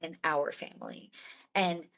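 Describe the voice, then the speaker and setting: A woman's voice: low voice, huge pitch swings, measured pace, creaky, a bit bright. A young woman sharing a personal story as a podcast guest, chatty and candid, filling her speech with "like" and small laughs. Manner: chatty, many "like"s, laughs between lines.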